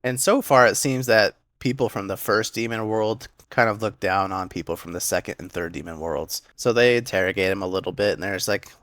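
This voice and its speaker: A young man casually recapping an anime episode, enthusiastic and acting out quick quoted lines as he retells scenes. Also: fairly low pitch, fairly bright tone, no room sound.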